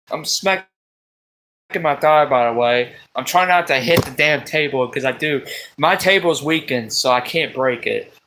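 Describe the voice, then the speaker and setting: Slow-talking ranting man, high voice. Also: background noise. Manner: exasperated, swears often, with loud outbursts. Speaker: livestream host. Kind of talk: rambling live-stream rant. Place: at a table at home.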